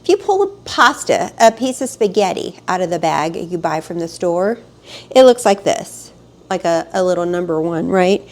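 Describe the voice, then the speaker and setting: A woman's voice: lowish voice, big pitch swings, normal speed. A woman coaching her audience on acceptance in a motivational monologue. She talks animatedly to the camera on a close mic and builds to emphatic outbursts. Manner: acts out panicked inner voices. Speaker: spiritual life coach.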